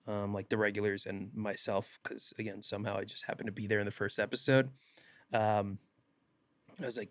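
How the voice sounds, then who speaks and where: A young man, an actor guest on a podcast, telling stories in a casual animated way and acting out quotes. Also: on the low side, dry recording. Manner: animated, laughs often, acts out quotes. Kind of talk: casual podcast interview storytelling.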